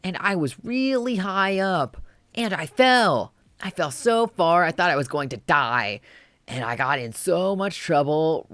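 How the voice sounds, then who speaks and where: A streamer voicing a young boy reading an excited diary entry aloud, in a loud, gushing voice. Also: mid-range voice, unhurried, dry recording, pitched above the performer's own voice.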